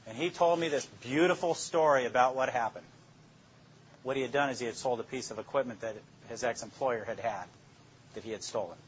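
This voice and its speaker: A man's voice: mid-range voice, fairly bright tone, muffled recording, slight background noise. An older man, a police detective, telling plainspoken stories about interrogations to a class and acting out his own lines. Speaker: police detective speaking to law students. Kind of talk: storytelling lecture.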